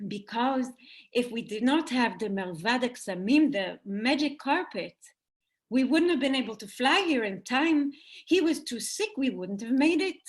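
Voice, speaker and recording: Storybook middle sister, persuasive, sure of herself, lively delivery, a woman doing her. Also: on the high side, a little slow. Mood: insistent.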